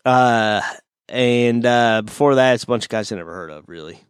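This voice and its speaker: A man's voice: mid-range voice, moderate pace, clear, resonant tone, no room sound, clean studio sound. A man hosting a podcast, chatting casually and bluntly about fight picks over a video call. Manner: blunt, opinionated, talks through fighters' records. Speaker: podcast host. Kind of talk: casual fight-pick chat.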